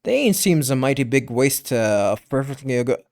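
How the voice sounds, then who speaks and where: A man voicing a sly, folksy old male caretaker, reading haltingly in his own voice with a lively pitch. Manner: reads without a put-on accent, halting. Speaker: caretaker character.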